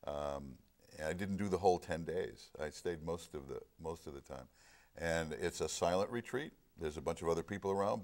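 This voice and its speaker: Middle-aged man, very deep voice, earnest storyteller in casual talk. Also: a little mellow. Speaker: film discussion guest. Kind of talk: casual chat.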